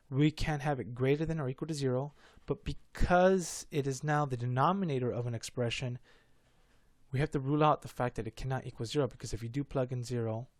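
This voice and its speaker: A man's voice: mid-range voice, no room sound. A man explaining math in a casual lesson, rambling and stuttering, often correcting himself. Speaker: math tutor.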